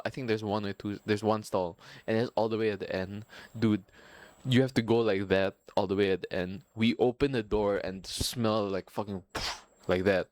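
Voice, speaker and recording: A man's voice: on the low side, a little mellow, dry recording. Casting note: young male podcast host, casual storyteller, swears a lot, laughs through his lines, restarts often, dry close mic. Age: young adult.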